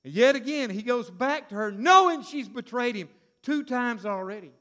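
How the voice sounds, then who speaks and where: High-voiced dramatic male preacher. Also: expressive, moderate pace. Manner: dramatic, swinging from hushed to loud. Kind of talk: sermon.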